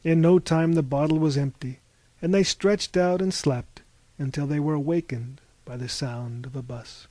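A man's voice: a little high, fairly even intonation, moderate pace, mellow, no echo. Dry, close male audiobook narrator.

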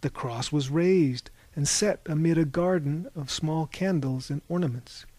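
Slow, measured male storyteller. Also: on the high side, warm tone, no room sound. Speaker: narrator. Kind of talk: scripted audiobook narration.

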